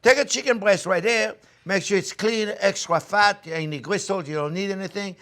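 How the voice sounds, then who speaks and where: A man's voice: high voice, moderate pace, a bit bright. An older man hosting a cooking demonstration, enthusiastic and coaxing, talking straight to viewers as his friends. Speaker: chef and cooking show host.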